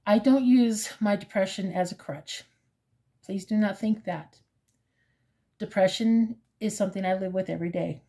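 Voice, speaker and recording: A woman in her fifties, talking in a casual personal vlog with a hesitant, halting manner full of fillers, earnest and openly emotional. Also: mid-range voice, warm tone. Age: 50s. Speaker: crochet vlogger.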